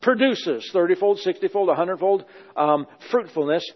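A man with a fairly high voice preaches a sermon with emphasis, repeating phrases over and over. His voice rings in a long hall reverb, and the recording sounds dull. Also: lively intonation, moderate pace.

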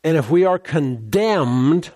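A man's voice: fairly high pitch, expressive, warm tone, no echo. Emphatic preacher man, dry sound. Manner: repetitive, emphatic preaching with pauses. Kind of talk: sermon.

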